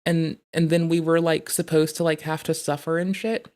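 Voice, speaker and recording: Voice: mid-range voice, little pitch movement, normal speed, a little mellow. A streamer chatting casually on a live stream, rambling and swearing through comic stories. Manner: rambling, profane, comic storytelling. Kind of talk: casual chat.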